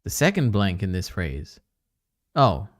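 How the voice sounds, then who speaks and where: A man's voice: low voice, big pitch swings, a little slow, no room sound, clean studio sound. A man streaming casually, reading on-screen text aloud, trailing off and muttering to himself. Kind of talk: casual live-stream commentary.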